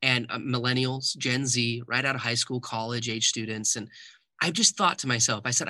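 A man's voice: medium pitch, normal speed, no echo. A man, a guest author and speaker, telling stories in an interview and acting out the dialogue. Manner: animated storyteller who acts out quoted dialogue. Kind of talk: conversational interview storytelling.

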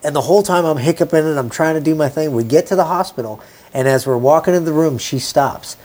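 A man's voice: a little high, quick pace, darkish tone. A man in casual podcast chat, telling stories with frequent giggles. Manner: giggly storyteller.

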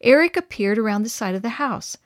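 A woman reading a children's story aloud to young listeners in a gentle, clear, expressive way. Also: a little high, fairly quick, dry recording, studio quality.

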